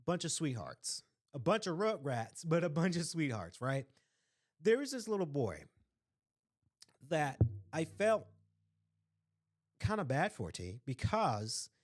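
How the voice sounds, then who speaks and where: Earnest, opinionated man with a higher voice. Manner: earnest, opinionated, keeps asking "right?"; emphatic, repeats phrases for stress. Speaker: podcast host. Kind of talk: casual solo podcast monologue.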